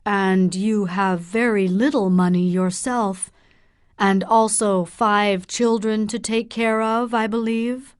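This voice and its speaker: A woman's voice: medium pitch, steady tone, takes it slowly, smooth, dry recording, clean studio sound, natural voice. A woman voicing a stern middle-aged male doctor and worried father, speaking in a firm, probing way in an audiobook.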